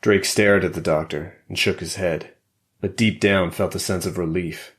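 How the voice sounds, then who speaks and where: A man narrating a spy thriller audiobook in a measured, steady way. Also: low-pitched. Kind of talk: scripted narration.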